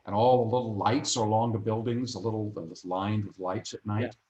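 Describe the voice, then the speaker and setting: A man telling lively anecdotes as a guest in a casual interview, acting out little voices along the way. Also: lowish voice, brisk. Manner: animated, acts out voices in anecdotes. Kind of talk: casual storytelling. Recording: roomy echo.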